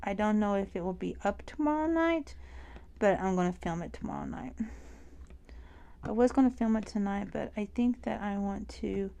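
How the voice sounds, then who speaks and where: The audio is clean as this woman in her forties, who vlogs about cross stitch, rambles chattily about her projects while stitching, with plenty of fillers. Her mid-range voice is creaky and dark, moving at normal speed.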